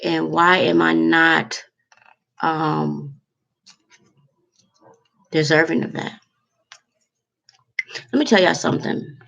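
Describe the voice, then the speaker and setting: A woman talking straight to camera in an emotional, halting vlog, close to tears. Her voice carries a heavy gravelly fry. She pauses often and fills gaps with ums as she searches for words. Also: deep voice, flat delivery, a bit bright, highs cut off. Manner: emotional, heartfelt, halting with many fillers. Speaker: vlogger. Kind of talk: candid to-camera monologue.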